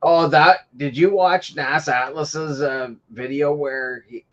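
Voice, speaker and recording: A man with a slightly raised pitch hosts a casual livestream chat, drawling his words slowly. He rambles through stories and keeps dissolving into laughter. The audio is dull and lo-fi. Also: fairly even intonation, background noise. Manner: rambling storyteller who laughs often. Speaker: podcast host.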